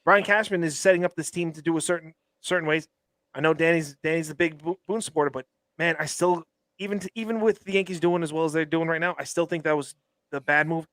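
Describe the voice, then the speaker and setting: A man's voice: fairly high pitch, fairly even intonation, fast talker, a bit bright, no room sound. A man co-hosting a sports podcast, arguing his points emphatically with frequent restarts. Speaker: podcast co-host. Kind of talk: casual sports chat.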